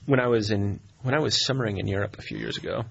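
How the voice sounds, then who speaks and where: A man's voice: lowish voice, fast, gravelly, breathy edge, highs cut off. A man hosting a casual talk show, joking and sarcastic, laughing often. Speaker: host.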